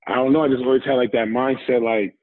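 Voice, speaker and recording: A man's voice: medium pitch, fairly even intonation, quick pace. Easygoing man telling a story over a tinny line. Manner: easygoing, rambling, recounts scenes with quoted dialogue. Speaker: guest, former football player. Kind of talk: casual storytelling. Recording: tinny, phone-like dry line.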